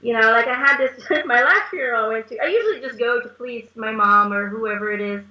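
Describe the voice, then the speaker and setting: A woman's voice: a little high, brisk. A woman being interviewed as a medium, telling chatty stories and laughing often. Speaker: guest medium. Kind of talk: casual interview chat. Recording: echoey, dull lo-fi recording.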